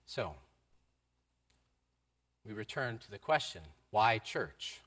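Bright-voiced male pastor preaching. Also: on the low side, very animated, slow. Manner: acts out quoted voices, swings from loud to soft. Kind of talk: sermon storytelling.

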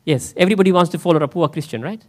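Pastor guy preaching in church, kinda high voice, keeps asking the crowd stuff. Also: very fast. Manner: conversational, asks the congregation questions. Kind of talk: sermon.

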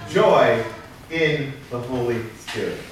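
A man preaching a sermon as pastor, lively and joking with the congregation. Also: mid-range voice, slow pace. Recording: echoey hall from far off.

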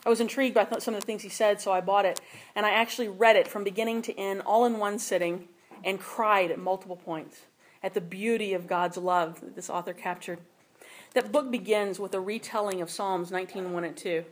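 A woman's voice: mid-range voice, fairly even intonation, brisk, a little hiss or hum. A woman teaches a sermon in a plain, conversational voice. She keeps checking in with her listeners as she goes. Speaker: Bible teacher.

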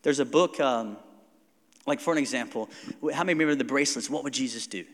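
A man, a pastor preaching a conversational, animated sermon and acting out quotes. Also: medium pitch, fast, big-room sound.

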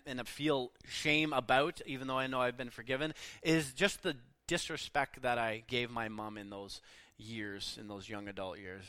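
A middle-aged man preaching a sermon in an earnest, emphatic way, pausing often and letting his endings trail off softly. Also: medium pitch, clear, resonant tone, dry recording.

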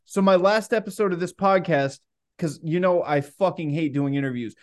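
A man's voice: fairly high pitch, normal speed. A young man in his twenties co-hosting a podcast, chatting casually with a lot of swearing and laughing. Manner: laid-back, profane, laughs often. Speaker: podcast co-host.

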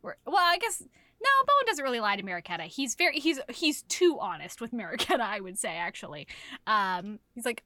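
A woman's voice: fairly high pitch, big pitch swings, fairly quick, sharp tone, no room sound. A woman co-hosting a podcast, telling a book plot with lots of swearing and laughter and acting out the characters as she goes. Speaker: podcast co-host. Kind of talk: casual book chat.

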